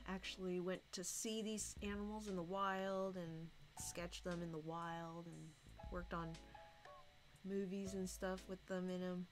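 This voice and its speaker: A woman chatting casually on a live stream while she draws, sleepy and soft-spoken, rambling to herself. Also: lowish voice, level tone, measured pace, soft background music. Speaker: artist livestreaming her drawing. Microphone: desk microphone.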